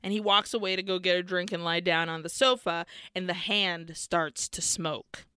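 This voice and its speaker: A woman co-host chats through a film's plot in a loose, animated way, cursing casually as she goes. Her voice is bright and smooth. The recording is dry and close. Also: lowish voice, normal speed, no room sound. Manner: animated storytelling with swearing and acted quotes. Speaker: podcast co-host. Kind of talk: casual chat recapping a film.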